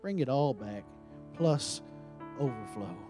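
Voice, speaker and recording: A man, preaching a sermon and praying for miracles, swinging from soft talk to loud, drawn-out emphasis. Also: medium pitch, lively intonation, music in the background. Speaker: guest preacher. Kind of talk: sermon with prayer.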